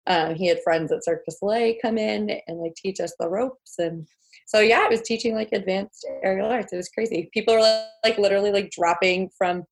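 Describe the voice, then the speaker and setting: A woman's voice: medium pitch, brisk. Chatty young woman telling stories. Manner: chatty storyteller, many fillers, laughs. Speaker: guest, homemaking mentor. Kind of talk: casual interview chat.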